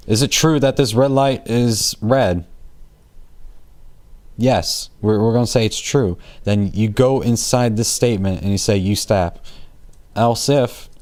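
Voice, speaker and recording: A man's voice: on the low side, slow, long pauses, darkish tone. A man teaching programming in a casual, rambling way, full of fillers, jokes and self-corrections, with keyboard typing behind him. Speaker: programming tutor. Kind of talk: casual screen-recorded coding lesson.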